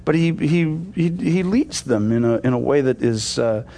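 A man teaching a sermon in a loose, conversational way, full of "you know" and restarts, growing animated as he retells a story. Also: mid-range voice, moderate pace, gravelly. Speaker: pastor.

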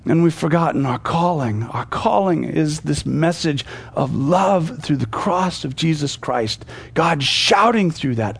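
A man preaching a sermon with a slightly raised pitch. He builds to forceful, lifted peaks, then drops to a hushed, quiet voice. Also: animated, a little slow, creaky, few pauses, slightly rough.

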